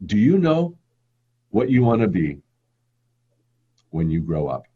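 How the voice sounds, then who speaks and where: A man teaching a live-streamed motivational lesson to a webcam, expressive, leaning hard on some words and drawing others out. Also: lowish voice, breathy edge, dull audio. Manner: expressive, swings between emphatic and drawn-out. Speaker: online course teacher.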